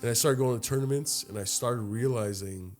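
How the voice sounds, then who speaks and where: A young man tells a long story on a casual podcast, cursing freely and jumping into the voices of the people in it. His pitch sits in the middle for a man. Faint music plays under the talk. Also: a little fast. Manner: profane, animated storytelling with acted-out quotes. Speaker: podcast co-host. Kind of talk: casual chat.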